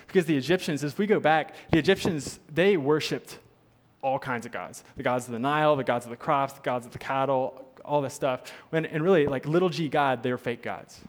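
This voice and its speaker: A man's voice: mid-range voice, brisk. A man preaching a sermon as pastor, earnest, repeating his points for emphasis. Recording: long hall reverb.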